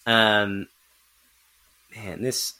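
A man's voice: fairly low pitch, steady tone, very slow, pushed and bright. A man hosting a casual podcast chat, rambling with lots of "like" and restarts.

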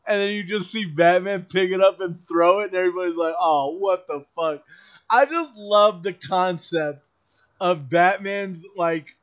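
A man co-hosting a podcast in casual chat, animated and slangy with lots of "like" fillers. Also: sits high, normal speed, clean tone. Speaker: podcast co-host. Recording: dull lo-fi sound.

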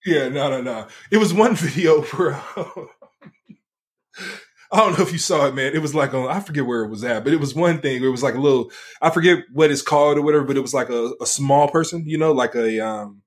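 A man's voice: medium pitch, a little fast. A man in easygoing conversation, talking in loose phrases full of fillers and chuckles. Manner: laid-back, filler-heavy, chuckling. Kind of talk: casual chat.

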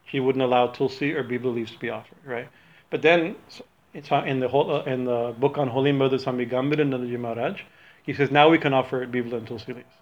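A religious teacher gives an informal talk, rambling, correcting himself, and laughing frequently. His medium-pitched voice is fast with fairly even intonation, captured in a dull lo-fi recording.

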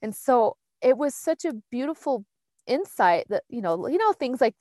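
Earnest woman musing out loud, casual heartfelt chat, dry sound. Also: a little high, very animated, moderate pace, no room sound. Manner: earnest and reflective, meandering with restarts.

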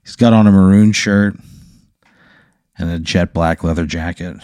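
Laid-back man, improv storytelling, low mellow voice, dry close sound. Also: fairly even intonation, moderate pace, no room sound. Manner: laid-back, casual, lots of "like". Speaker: host.

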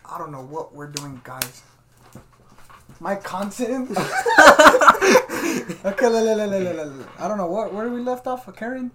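A podcast host with a high-sitting, expressive voice tells stories at normal speed, pausing often, in a very noisy recording. His casual chat is laid-back and slangy, and he keeps saying "fool."

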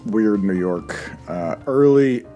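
A man's voice: lowish voice, expressive, slow pace, warm tone, faint music behind. A man from West Virginia co-hosting a podcast in casual, jokey, rambling chat. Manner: rambling, jokey, self-deprecating. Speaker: podcast co-host.

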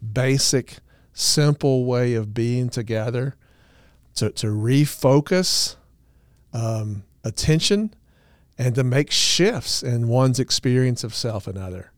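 Male podcast co-host, smooth clear voice, earnest explainer with dry humor, dry close recording. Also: mid-range voice, no echo. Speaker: podcast co-host, couples therapist. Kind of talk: casual podcast talk.

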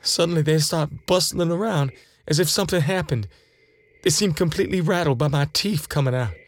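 A man's voice: a little high, fairly quick, lightly acted. An actor playing a terrified man recounting an alien examination, in a shaken, pleading first-person retelling. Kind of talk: dramatized first-person account.

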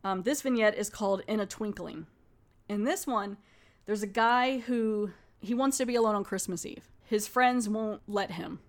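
A woman's voice: mid-range voice, moderate pace. A woman casually reviewing a horror anthology film, retelling scenes in a chatty way with quoted lines. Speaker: movie reviewer.

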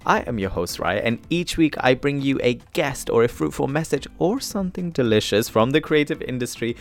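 A man hosting his podcast, chatty and animated, swinging from loud bursts to quiet asides. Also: medium pitch, a little fast. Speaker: podcast host. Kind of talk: solo podcast intro.

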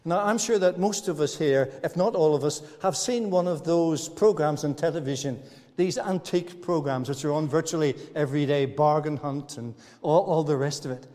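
A man's voice: fairly high pitch, moderate pace, dark tone. A man preaching a sermon in a church, talking to the congregation in a folksy, good-humored way. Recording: church hall reverb.

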